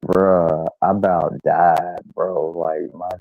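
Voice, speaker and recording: A man's voice: low voice, flat delivery, slow, no echo. A man hosting his own channel, telling a rambling, profane, self-deprecating story in casual chat. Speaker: channel host. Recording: dull lo-fi recording.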